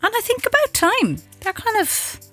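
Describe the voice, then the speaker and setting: A woman's voice: very high voice, huge pitch swings, normal speed, sharp tone, soft background music. An Irish woman radio host chatting casually on air and reading the traffic, laughing often.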